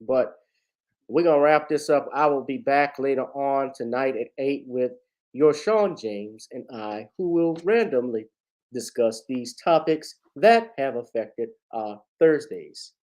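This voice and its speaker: A man's voice: mid-range voice, lively intonation, unhurried, darkish tone, poor audio. A man vlogging casual commentary, talking in a rambling way to his viewers as family.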